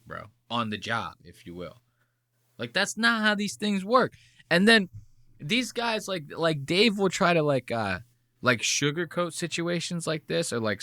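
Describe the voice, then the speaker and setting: A man's voice: a little high, pushed and bright, no echo. A man hosting a podcast and commenting on clips in a casual, rambling, profane way. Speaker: podcast host.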